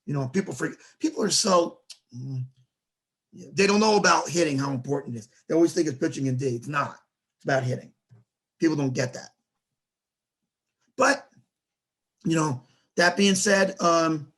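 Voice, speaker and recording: A man hosting a casual sports talk show, telling stories in an animated way and acting out quoted dialogue. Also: on the high side, moderate pace, pauses often. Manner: animated storyteller who acts out quoted dialogue.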